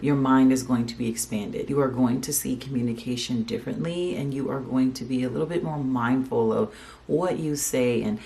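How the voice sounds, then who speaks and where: Deep-voiced woman reviewing a book, gravelly. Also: dark tone. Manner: earnest, emotional, addresses viewers directly. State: tearful, on the verge of crying. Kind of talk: casual emotional book review.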